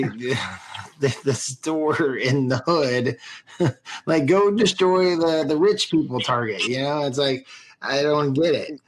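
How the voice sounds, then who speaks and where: A man hosting a casual podcast. He rambles in a middle-pitched voice, drops in curse words and often restarts a thought before finishing it. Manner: loose, rambling, swears casually, frequent restarts. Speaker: podcast host.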